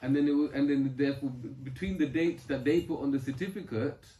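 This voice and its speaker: A man's voice: medium pitch, steady tone, brisk, mellow. Earnest man telling scripture stories, echoey room. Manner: earnest storytelling, quoting verses and explaining them. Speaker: spiritual speaker. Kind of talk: scripture talk with personal stories. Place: home gathering.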